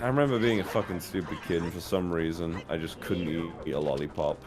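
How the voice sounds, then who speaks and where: A man's voice: low voice, quick pace, music in the background. A British man chatting as a guest on a game stream, telling rambling stories full of swearing. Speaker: guest co-host. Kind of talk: casual chat on a game stream.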